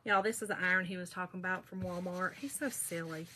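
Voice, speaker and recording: A woman's voice: fairly low pitch, steady tone, fast talker, pushed and bright, a little hiss or hum. Chatty woman hosting a craft stream. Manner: chatty and folksy, reads viewer comments aloud. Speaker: craft livestream host. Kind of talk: casual crafting livestream chat.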